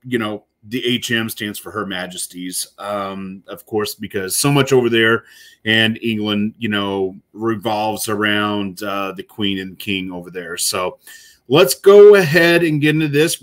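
A man's voice: lowish voice, a bit bright. A man, a corrections officer, giving casual, rambling commentary while reacting to a video, with many fillers and restarts.

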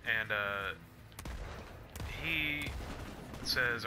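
A man's voice: fairly low pitch, fairly even intonation, normal speed, noisy background. A young man telling a rambling story in casual chat while playing a game, with frequent restarts and fillers, breaking off now and then to react to the action. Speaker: gamer vlogger. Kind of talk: casual chat over gameplay.

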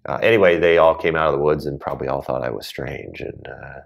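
Very deep-voiced man telling a story. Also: quick pace, creaky. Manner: earnest, storytelling, acts out quoted voices. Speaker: guest. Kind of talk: emotional storytelling interview.

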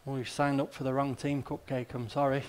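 Pastor preaching conversationally. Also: male voice, medium pitch, little pitch movement, fairly quick, darkish tone. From Australia. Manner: conversational preaching with rhetorical questions and asides. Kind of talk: sermon.

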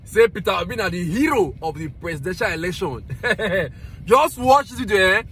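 A man's voice: sits high, animated, normal speed, fairly bright tone, slight background noise. A Nigerian man with a Nigerian Pidgin accent giving casual video commentary, chuckling often and urging viewers to share. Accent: Nigerian Pidgin English. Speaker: vlogger.

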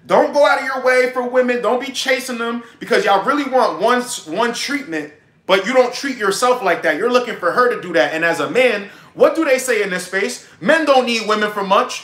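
A young man with a high, bright, ringing voice lectures his viewers on a casual livestream. He is brash and preachy and swears freely. The room around him sounds echoey. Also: lively intonation, fairly quick. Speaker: dating advice streamer.

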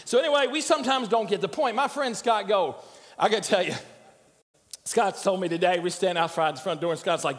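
A man's voice: high-pitched, animated, moderate pace. An older man preaching a sermon as pastor, conversational and joking as he tells stories. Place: church sanctuary. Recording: church hall reverb.

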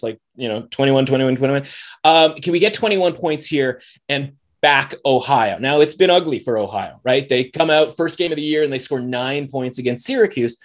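Animated man talking sports betting. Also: fairly high pitch. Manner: animated, conversational, lots of "like" and "right?". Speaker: betting analyst. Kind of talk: casual sports betting podcast chat.

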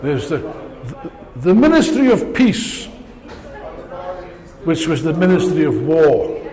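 A man's voice: fairly high pitch, very animated, slow pace, warm tone. An older man giving a rousing political speech, sarcastic and full of rhetorical questions, before an audience in a large hall. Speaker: political speaker.

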